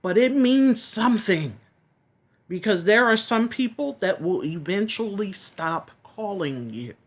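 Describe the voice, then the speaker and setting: A woman giving a heartfelt personal testimony, earnest and reflective, often pausing and sometimes dropping to a whisper. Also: mid-range voice, expressive. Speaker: chronic illness vlogger.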